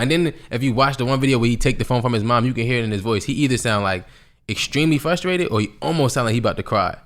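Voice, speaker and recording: A man co-hosting a podcast in casual chat, telling stories in animated, slangy speech. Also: mid-range voice, fast. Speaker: podcast co-host.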